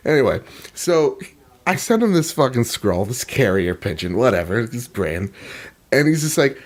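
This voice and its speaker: A man's voice: mid-range voice, very animated, unhurried. A man co-hosting a gaming podcast, telling rambling, profane comic stories in casual chat. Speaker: podcast co-host.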